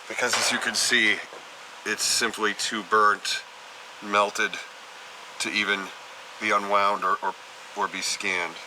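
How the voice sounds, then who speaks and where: A man working as a film archivist, narrating and explaining in a measured, somber way. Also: fairly low pitch, pushed and bright, a little hiss or hum, low-quality recording. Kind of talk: documentary narration and on-camera explanation.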